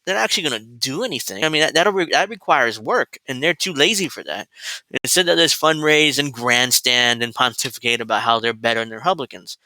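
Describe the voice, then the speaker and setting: A man ranting angrily about politics, swearing freely and circling back over the same points. His voice is very bright and tense, recorded dry and close with no room sound. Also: medium pitch, a little fast, no room sound, poor audio. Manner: heated, profane, repetitive. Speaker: political commentator. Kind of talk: angry political rant.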